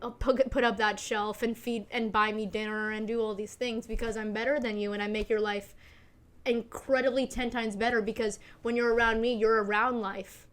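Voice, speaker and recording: A woman's voice: on the high side, little pitch movement, normal speed. A young woman in her twenties hosting a solo podcast, talking in a rambling, emphatic way with lots of fillers and swearing. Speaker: podcast host. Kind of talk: casual solo chat. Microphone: seen recording on camera.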